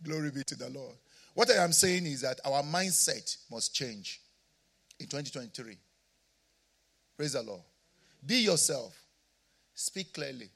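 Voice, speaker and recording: A man with an African accent, a pastor preaching a sermon, moving between quiet asides and shouted declarations. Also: mid-range voice, expressive, a little slow, long pauses, husky.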